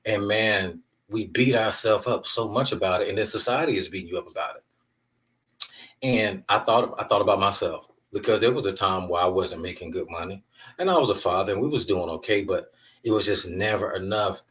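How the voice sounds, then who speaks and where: Man, deep voice, candid podcast monologue, emphatic storytelling, a bit far from the mic. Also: fairly quick, fairly bright tone. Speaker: podcast host.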